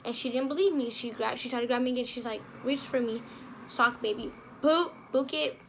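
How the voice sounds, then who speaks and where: A young woman telling a storytime vlog in a lively, slangy way, acting out scenes with sound effects. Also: on the high side, fairly quick, creaky, slight background noise. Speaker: vlogger.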